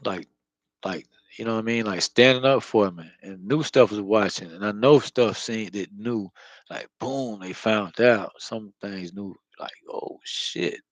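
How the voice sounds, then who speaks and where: A man's voice: fairly low pitch, measured pace, no echo, rough recording. A man talking in a loose, slangy, profane monologue full of fillers, close to the mic. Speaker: spiritual vlogger. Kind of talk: casual rambling monologue.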